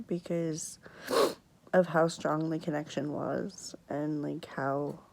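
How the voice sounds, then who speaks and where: A young woman telling a personal story on camera, fighting back tears, speaking haltingly with many pauses and sometimes dropping to a whisper. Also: low-pitched, steady tone, vocal fry, a little hiss or hum, low-quality recording. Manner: soft, sometimes drops to a whisper. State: tearful, fighting back crying. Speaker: vlogger.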